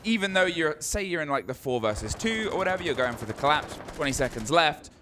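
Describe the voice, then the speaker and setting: A male esports caster talks through the action in a fairly high voice, mixing analysis with playful banter. Game gunfire and clicks sit clearly under his commentary, as on a live tournament stream. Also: big pitch swings, fast talker, background noise. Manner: chatty, analytical, jokey banter. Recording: broadcast mix with game gunfire behind.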